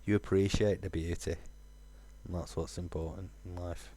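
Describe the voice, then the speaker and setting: Man, deep-ish voice, casual rambling game commentary, lots of fillers. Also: level tone, normal speed, dark tone, breathy edge. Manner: rambling, musing aloud with fillers. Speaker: gaming streamer. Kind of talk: casual let's-play commentary.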